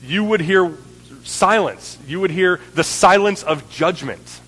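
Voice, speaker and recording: A man's voice: sits high, slow, a bit bright, husky, long reverb tail, rough recording. A man preaching a sermon in an earnest way, building in intensity and often checking in with "right?".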